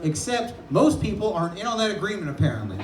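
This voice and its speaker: High-voiced man doing stand-up. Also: fast, noisy background. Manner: self-deprecating, animated storytelling with shouted impressions. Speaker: stand-up comedian. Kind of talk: stand-up comedy set. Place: comedy club stage with live audience. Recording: echoey club with audience laughter.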